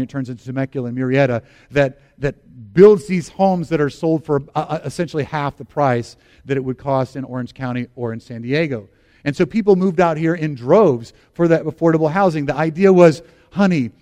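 A man's voice: fairly high pitch, a little fast, mellow. A middle-aged American man preaching a sermon as pastor, earnest and emphatic, repeating phrases for stress.

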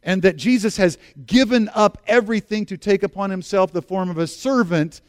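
Middle-aged male pastor with a high voice, dry and close; earnest preacher who repeats his key lines. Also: normal speed, dry recording. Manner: earnest, repeats key phrases, asks congregation to respond. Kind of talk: sermon.

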